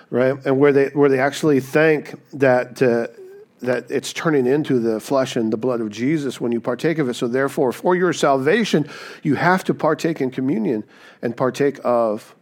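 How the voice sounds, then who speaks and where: A man's voice: medium pitch, a little mellow. A man preaching a conversational sermon, often checking in with "right?". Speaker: pastor. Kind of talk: sermon teaching.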